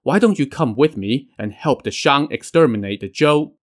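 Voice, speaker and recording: A man's voice: mid-range voice, lively intonation, moderate pace, close to an everyday voice. A man reading as a boastful scheming immortal. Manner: persuasive, bragging.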